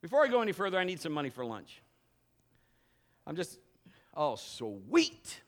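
Middle-aged pastor guy preaching, fairly high voice, goes from loud to low and back, storytelling. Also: quick pace. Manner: animated storytelling, swinging between loud bursts and low asides. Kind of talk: sermon. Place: church service.

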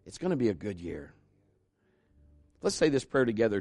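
A pastor delivers a fervent sermon, his man's voice carrying a gravelly edge. He exhorts the congregation and swells to emphatic peaks before leading them in prayer. The sound is close and dry, with no room echo. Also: fairly low pitch, big pitch swings, moderate pace, long pauses, darkish tone. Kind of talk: sermon with altar call prayer.

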